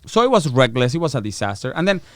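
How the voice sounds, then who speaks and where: A man's voice: medium pitch, sing-song, fast, dry recording, clean studio sound. A middle-aged man, a podcast guest, telling a story in a casual, profane way, acting out the voices of people he quotes. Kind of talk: storytelling interview.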